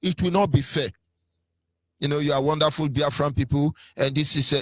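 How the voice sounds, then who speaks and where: A man's voice: fairly high pitch, fairly even intonation, moderate pace, no echo. A Nigerian man with a Nigerian accent giving an impassioned political radio talk, mocking and sing-song, his voice swinging between rises and drops. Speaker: radio commentator.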